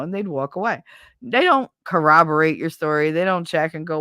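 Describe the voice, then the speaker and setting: A middle-aged woman with a New York accent telling animated, profane stories in a casual chat as a show host. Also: mid-range voice, fast talker, dry recording, studio quality. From Brooklyn, New York. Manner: animated, profane, acts out neighborhood voices.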